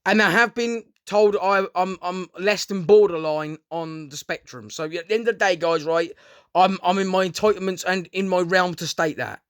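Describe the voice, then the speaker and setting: High-voiced, sweary man ranting. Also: steady tone, moderate pace, clear, resonant tone, dry recording, studio quality. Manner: rambling, heavy swearing, keeps addressing listeners as "guys". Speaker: vlogger. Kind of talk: casual unscripted monologue to camera.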